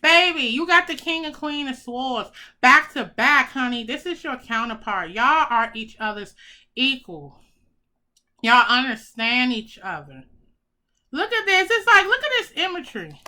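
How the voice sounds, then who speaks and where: A woman doing a casual tarot reading for her viewers, chatty and excitable, talking to them as y'all, with some swearing. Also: high voice, unhurried. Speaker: tarot reader.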